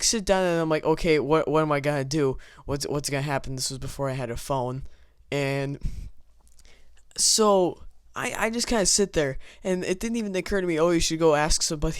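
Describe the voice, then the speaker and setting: A man's voice: on the high side, clean tone, dry recording, clean studio sound. A young man casually telling a rambling, self-mocking story with frequent stammers and restarts, recorded over gameplay. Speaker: vlogger telling a childhood story.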